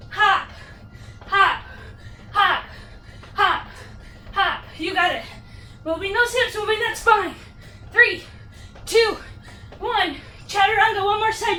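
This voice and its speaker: A woman with a very high voice leads a sculpt yoga flow, calling out counts and upbeat encouragement. She sounds winded as she cues the moves at an unhurried pace. She is picked up from a distance in an echoey room. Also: pushed and bright, a little hiss or hum. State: out of breath. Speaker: yoga instructor. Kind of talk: cueing a workout class.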